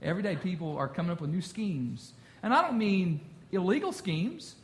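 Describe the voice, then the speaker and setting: A man's voice: sits high, expressive, moderate pace. A man in his thirties preaching a casual, jokey sermon to a congregation. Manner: jokey, conversational, quotes song lyrics. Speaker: pastor.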